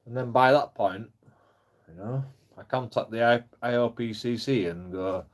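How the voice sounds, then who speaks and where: A man's voice: mid-range voice, normal speed. A man ranting angrily on a live stream, swearing often and rambling with many fillers. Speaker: livestreaming auditor.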